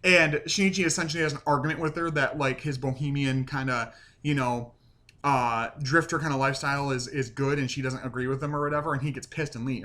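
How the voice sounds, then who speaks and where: A man reviewing and recapping a TV episode in a casual, rambling way, full of fillers and animated retellings. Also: a little high, fairly quick. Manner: chatty, rambling with many "like" and "um" fillers; animated, acts out quoted lines. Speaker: show reviewer.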